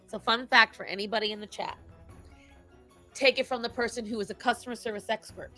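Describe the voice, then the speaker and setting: With a fairly high voice and a moderate pace, this live stream host shares stories and gives her chat frank, opinionated advice in an animated way. Soft music plays in the background, and there's no room sound.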